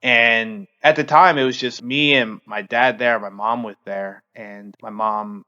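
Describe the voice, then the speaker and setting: Male podcast host, 30s, middle pitch, halting and earnest, dull lo-fi mic. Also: lively intonation, gravelly, bright, forceful tone. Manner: halting, heavy use of fillers; earnest, open. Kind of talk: personal storytelling.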